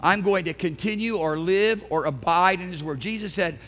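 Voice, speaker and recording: A man preaching a sermon in church, swinging from quiet conversational asides to loud, impassioned bursts with folksy turns of phrase. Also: high-pitched, moderate pace, hardly any pauses. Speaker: pastor. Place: church sanctuary.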